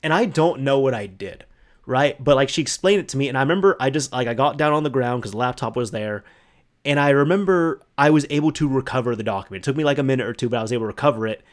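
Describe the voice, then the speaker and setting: A man with a medium-pitched voice talks very fast on his solo podcast, telling a casual story. He's chatty, full of "like" and restarts, and acts out the voices he quotes.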